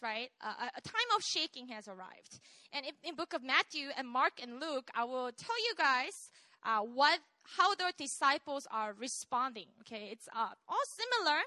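A high, bright-toned woman teaches scripture in a relaxed, chatty way, her pitch swinging widely as she explains each verse. She keeps asking her listeners whether they follow, and her voice sounds close and dry. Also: no echo. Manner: animated, acts out quoted cries with rising excitement; conversational, checks in with listeners often. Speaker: Bible study teacher. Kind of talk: casual online Bible teaching.

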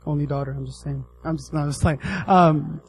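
A man's voice: on the high side, fairly quick, vocal fry, husky, low-quality recording. A man giving a casual sermon as a youth pastor, joking and calling out to his listeners. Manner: animated, joking, addresses the audience directly.

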